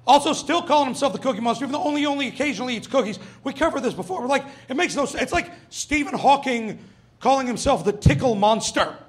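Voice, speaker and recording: A man's voice: very high voice, animated, quick pace, a little hiss or hum. A young man doing a stand-up comedy set on a club stage, brash and profane, acting out quoted voices.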